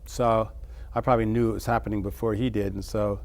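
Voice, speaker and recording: A middle-aged man, an interview guest, musing over childhood memories in a halting way, with many restarts. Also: on the low side, level tone. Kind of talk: reflective personal storytelling.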